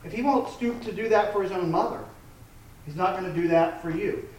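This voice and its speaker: A man's voice: high voice, a little fast, darkish tone. Male pastor, thirties, conversational sermon with restarts; distant mic, heavy room echo. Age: 30s. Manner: conversational, with frequent restarts and fillers.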